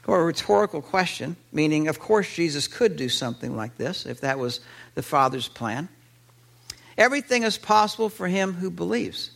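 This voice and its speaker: A man preaching a sermon, animated, with fillers and restarts. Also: high voice, normal speed, vocal fry. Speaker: pastor.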